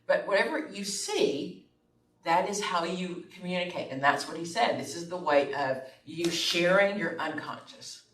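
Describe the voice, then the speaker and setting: A woman's voice: on the low side, animated, normal speed. Woman lecturing in an echoey room. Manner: conversational, checks in with "okay?" and "right?". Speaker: instructor. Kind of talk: classroom lecture. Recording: echoey room, far from the mic, faint room noise.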